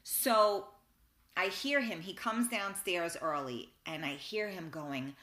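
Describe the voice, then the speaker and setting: A woman's voice: fairly low pitch, takes it slowly, sharp tone. A woman hosting a talk show, telling a rambling story in a casual, chatty way with restarts and mild swearing. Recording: roomy echo.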